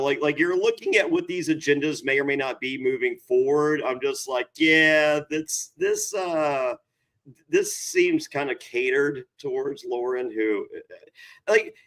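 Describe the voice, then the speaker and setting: A man hosting a casual podcast chat, telling stories in a rambling, animated way. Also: medium pitch. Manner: rambling animated storyteller, many restarts. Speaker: podcast host.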